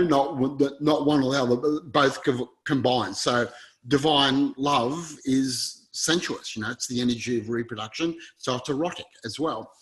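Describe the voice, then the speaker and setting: A man's voice: medium pitch, fairly bright tone, rough recording. A man telling a story as an interview guest, in an earnest, rambling way and acting out quoted dialogue.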